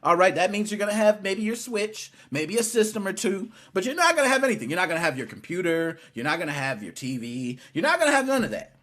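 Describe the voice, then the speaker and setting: A man hosting a casual gaming podcast, teasing his guest in an animated, playful way. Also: high-pitched, quick pace, hardly any pauses. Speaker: podcast host.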